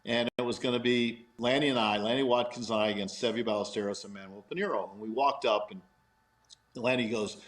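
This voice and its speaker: Man, lowish voice, lively anecdote teller who laughs easily. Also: fairly quick, slight background noise, rough recording. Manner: animated storyteller, laughs often. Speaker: guest golfer in a played clip. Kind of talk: anecdote telling.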